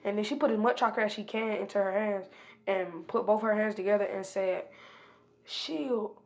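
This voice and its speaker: Rambling woman with a gravelly voice. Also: mid-range voice, fairly even intonation, a little fast. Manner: rambling, strings events with "and then he was like"; frequent hesitation fillers. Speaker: storyteller. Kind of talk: casual improvised fan-fiction retelling.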